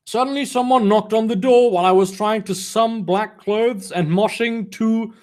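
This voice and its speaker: A man's voice: sits high, steady tone, moderate pace, few pauses, darkish tone. A man reading a fan story aloud for comedy, breaking off for mocking, sarcastic asides. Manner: sarcastic, mocking commentary between read lines. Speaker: reader of fan fiction.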